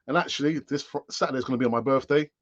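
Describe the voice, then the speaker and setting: A man's voice: mid-range voice, very fast, dull audio. A man in his late fifties hosting a casual live-stream football chat, rambling with sighs and asides. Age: late 50s. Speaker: football fan channel host.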